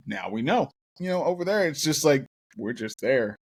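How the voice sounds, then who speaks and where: A man's voice: medium pitch, big pitch swings, normal speed, slightly rough. A young adult man hosting a casual podcast chat, swearing often and laughing through his stories. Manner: swears a lot, laughs while telling stories. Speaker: podcast host.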